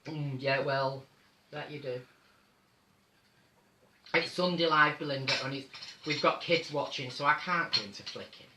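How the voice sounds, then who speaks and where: A man's voice: fairly high pitch, measured pace, long pauses, echoey room, background noise. A man with a North Manchester accent hosting a casual live stream from his home, chatty and theatrical, calling his viewers darling. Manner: camp, chatty, theatrical, calls people darling. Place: home room.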